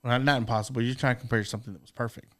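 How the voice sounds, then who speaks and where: A man's voice: medium pitch, steady tone, rapid-fire, a bit bright. Profane, rambling man telling stories. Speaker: podcast co-host. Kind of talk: casual storytelling chat.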